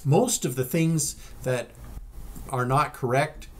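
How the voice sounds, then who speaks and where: A man co-hosting a podcast in casual chat, measured, with dry quips. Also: medium pitch. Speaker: podcast co-host.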